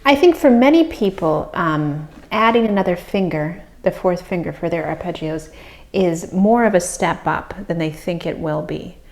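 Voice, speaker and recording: A woman harp teacher calmly explaining practice techniques, with soft fillers between phrases. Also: on the low side, normal speed. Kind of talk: instructional explanation. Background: harp playing.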